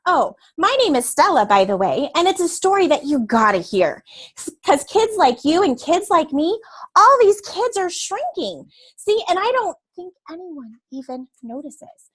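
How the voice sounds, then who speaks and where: In a very high-pitched, slightly slow full character voice pitched above her own, a woman plays a chatty young schoolgirl narrating a storybook. Her pitch swings widely as she reads aloud in an eager, confiding way.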